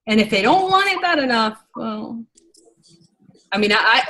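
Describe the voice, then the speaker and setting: A young adult woman leading a business team meeting in a casual, animated, rambling way, getting worked up and talking fast when excited. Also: on the high side, low-quality recording. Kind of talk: casual motivational training talk.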